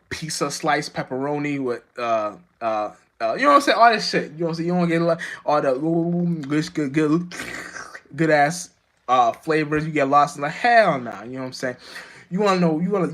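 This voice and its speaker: A man delivering a rambling, profane spiritual monologue to the camera, full of restarts and constant "you know what I'm saying.". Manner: jumps high and loud when acting out his own outbursts. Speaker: vlogger.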